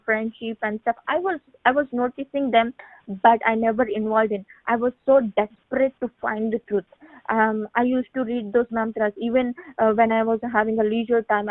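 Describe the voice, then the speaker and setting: A woman around thirty giving a halting personal faith testimony on a phone call, with many restarts and repeated words. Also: fairly high pitch, fairly even intonation, dry recording. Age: late 20s to 30. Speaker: testimony speaker on a prayer line. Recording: tinny phone line, dry.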